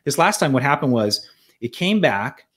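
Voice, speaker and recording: A man's voice: medium pitch, sing-song, moderate pace, fairly bright tone. A man guest in an interview, telling his own story in an earnest, reflective way, often restarting and repeating words. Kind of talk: conversational storytelling.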